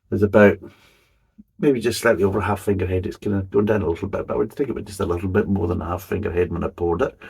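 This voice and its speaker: A middle-aged man talks his way through a beer review, loose and rambling, with casual swearing along the way. His voice sits very low and sounds rough and deeply husky, with plenty of gravel and fry. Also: a little mellow.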